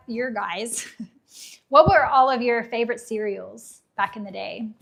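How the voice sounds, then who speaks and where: Chatty woman livestream host, slightly hoarse. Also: fairly high pitch, unhurried. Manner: chatty, reads viewer comments aloud; enthusiastic and nostalgic. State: losing her voice. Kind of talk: casual live unboxing chat.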